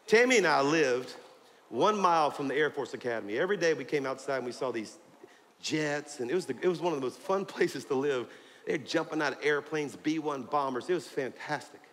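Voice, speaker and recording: A middle-aged man, preaching a sermon in a fired-up way, rising to shouts. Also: on the high side. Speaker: pastor. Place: large church auditorium. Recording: hall reverb with faint crowd and noise. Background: congregation.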